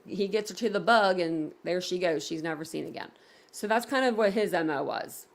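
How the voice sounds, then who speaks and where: A woman's voice: lowish voice, normal speed, creaky. A woman hosting a casual livestream, talking in a rambling way with many fillers and reading viewer comments aloud. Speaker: livestream host reading chat.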